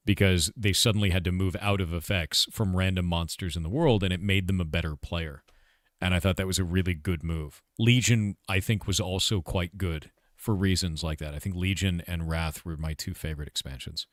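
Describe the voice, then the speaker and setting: A man's voice: sits low, dry recording, clean studio sound. A man who is a game developer, chatting casually on a livestream Q&A, blunt and profane, with lots of filler words.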